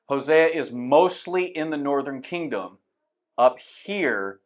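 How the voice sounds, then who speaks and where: A man's voice: a little high, animated, slow pace. Casual male Bible class teacher, conversational and unscripted, pointing things out on a map. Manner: conversational, explains with a map, many fillers. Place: church classroom.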